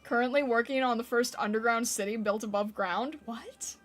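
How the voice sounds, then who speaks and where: A woman with a fairly high voice, chatting on a live stream and answering her viewers' comments in a playful, giggly way. Soft music plays quietly behind her. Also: moderate pace. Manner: playful, giggly, reacting to chat. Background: faint background music.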